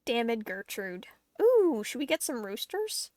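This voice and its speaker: This gaming streamer's voice is on the high side, with big pitch swings, an unhurried pace, and a darkish tone, recorded with no room sound. She keeps up giggly, talkative chatter with her viewers and herself as she plays.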